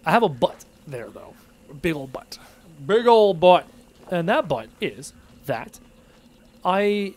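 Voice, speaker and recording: A young man live-streaming a game, casually reading chat messages aloud and answering them playfully. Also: sits high. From Irish descent.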